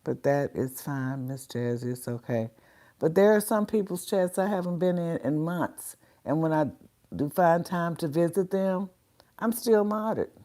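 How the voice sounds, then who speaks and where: On a casual livestream, a woman with a lowish, dark-toned voice takes her time, chatting with the people in her chat and saying hello to them by name. Congested sinuses leave her sounding slightly stuffed up.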